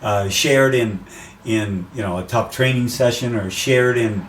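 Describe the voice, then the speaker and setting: Animated man, roomy distant sound. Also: unhurried. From USA. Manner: animated, acts out quotes with rising pitch. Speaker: race announcer guest. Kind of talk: casual interview chat. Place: outdoors by the sea. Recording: roomy and distant with faint noise.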